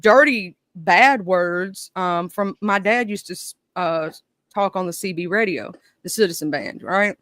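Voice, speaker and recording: A woman's voice: on the low side, measured pace, a bit bright, no room sound. A woman with a Southern US accent hosting a casual live-stream chat, joking and laughing often. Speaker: host.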